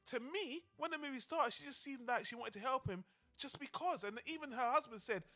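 A man's voice: very high voice, fairly quick, pushed and bright. A man co-hosting a film podcast, talking casually and animatedly, swearing freely and acting out lines from the movie. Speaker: podcast co-host.

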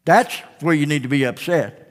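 A man's voice: on the high side, normal speed, big-room sound. A young man preaching a sermon in an auditorium, telling a story animatedly and acting out the voices of people in it. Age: young adult. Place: large auditorium.

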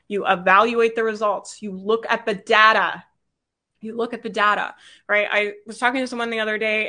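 A woman's voice: mid-range voice, bright, forceful tone. A woman business coach giving a live training, upbeat and chatty, laughing often and checking in with "right?".

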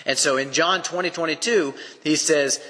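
A man's voice: on the high side, moderate pace, sharp tone. East Texas male Bible teacher, earnest and emphatic, in a reverberant space. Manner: earnest, emphatic, explains step by step. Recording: long echoing reverb.

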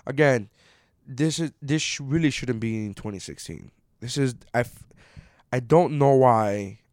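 A man in his thirties ranting casually, cursing often and swinging from low mutters to loud outbursts. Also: lively intonation, a little slow, no echo, studio quality. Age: 30s. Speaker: commentator reading an article. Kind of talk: casual rant.

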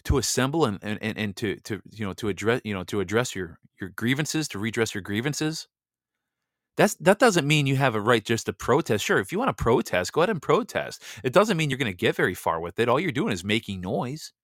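A man at mid pitch ranting hard into a close, dry microphone. He talks bluntly, doubles back on his words and repeats himself as the heat rises. He sounds like a show host giving his own impassioned monologue. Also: very animated, a little fast, a bit bright, no echo. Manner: heated, blunt, stumbles and repeats words when worked up. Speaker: host of a Bible reading show.

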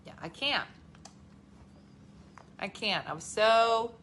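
A woman in her forties chatting casually as co-host, animated and acting out her own reactions. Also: fairly high pitch, takes it slowly, pauses often, a little hiss or hum. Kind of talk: casual chat.

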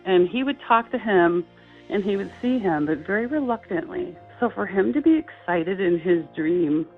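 Middle-aged woman on a tinny phone line. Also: fairly low pitch. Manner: halting, heartfelt, many fillers and restarts. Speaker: interview guest. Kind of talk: personal storytelling. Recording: tinny phone-line sound with faint music.

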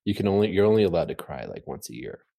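A man chatting casually from home, telling an animated, rambling story full of fillers. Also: low voice, fast talker, vocal fry. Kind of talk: casual chat.

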